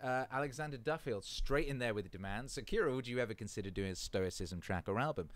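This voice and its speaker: A man's voice: medium pitch, expressive, fast, a bit bright. A man hosting a casual live stream, reading out chat comments in a laid-back way and swearing freely.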